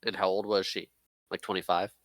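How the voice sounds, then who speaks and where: A man's voice: sits low, level tone, fairly quick, fairly bright tone, no echo, studio quality. A man co-hosting a casual movie podcast, playful and teasing, laughing often. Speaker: podcast co-host. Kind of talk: casual chat.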